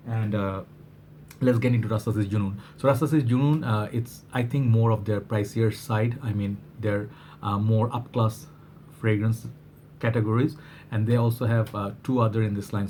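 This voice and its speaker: A man's voice: lowish voice, darkish tone, a little hiss or hum. Chatty Bangladeshi man reviewing fragrance. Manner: chatty, rambling, many fillers and restarts. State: slightly worn voice. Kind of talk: casual product review vlog.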